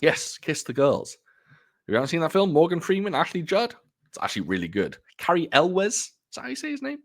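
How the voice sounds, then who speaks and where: A man's voice: on the high side, very animated, fairly quick. A man casually chatting at home about films he has bought, rambling and poking fun at himself. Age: adult. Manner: rambling, chatty, self-deprecating. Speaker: film collector vlogger. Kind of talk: casual chat showing off purchases.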